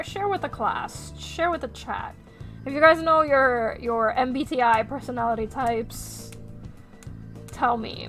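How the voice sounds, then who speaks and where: A woman streaming as she draws, chatting casually with her viewers, animated and quick to swear. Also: a little high. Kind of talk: casual chat while drawing on stream.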